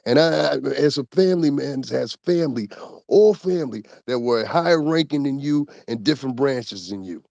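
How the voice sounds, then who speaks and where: A man's voice: mid-range voice, lively intonation, moderate pace, creaky, darkish tone, no echo. Man ranting, profane, dry close mic. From Connecticut, USA. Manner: profane, heated, laughing asides. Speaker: commentary host. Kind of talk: casual ranting commentary.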